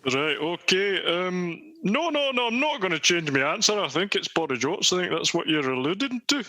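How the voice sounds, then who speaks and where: A man's voice: high-pitched, very animated, normal speed, sharp tone, dry recording, exaggerated voice. A man putting on a stammering fake caller. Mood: earnest. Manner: hesitant, stammering. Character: male prank caller posing as a Scot.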